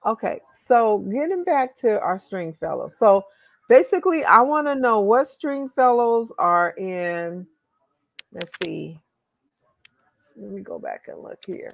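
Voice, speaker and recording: A woman's voice: medium pitch, sing-song, a little slow, creaky, no echo. A woman with a Southern US accent, chatting casually about family research and thinking aloud as she looks things up. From California. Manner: talks through research on screen, thinking aloud. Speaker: genealogy host. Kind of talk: casual genealogy chat.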